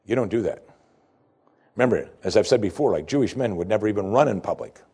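A man preaching a sermon, explaining scripture with emphasis that rises sharply in pitch. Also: quick pace, husky. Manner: animated preaching, voice climbing high for emphasis. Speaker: pastor.

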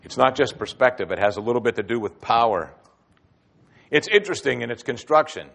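A man preaching a sermon with expressive delivery, swinging between loud emphatic phrases and quiet asides. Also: medium pitch, brisk. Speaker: pastor.

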